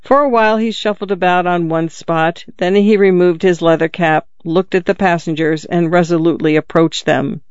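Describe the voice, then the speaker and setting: Measured story reader, super dry close sound, bit muffled. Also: medium pitch, fairly even intonation, clean tone, no room sound. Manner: measured, descriptive reading. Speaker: audiobook narrator. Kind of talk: scripted story narration.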